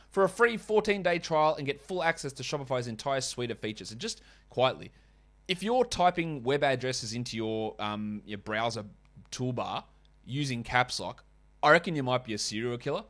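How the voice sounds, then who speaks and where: Hosting a fantasy basketball podcast, this man speaks at a medium pitch with a fairly bright tone. He moves quickly through statistics and ad reads, staying chatty and dropping wry side comments.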